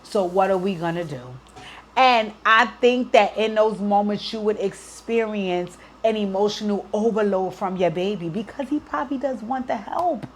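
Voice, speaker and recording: A woman's voice: mid-range voice, normal speed, slight background noise. Earnest woman giving emotional advice. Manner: emotional, earnest, near tears, frequent "right?". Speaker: advice show host. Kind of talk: heartfelt advice talk to a listener.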